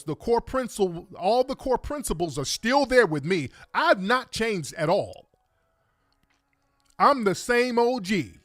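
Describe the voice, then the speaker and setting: A middle-aged man hosting a talk show, emphatic and profane, firing off rhetorical questions. His voice sits high and swings widely in pitch. The sound is dry and close, with faint music underneath. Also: fairly bright tone, no room sound. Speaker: radio talk host. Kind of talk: opinionated talk monologue.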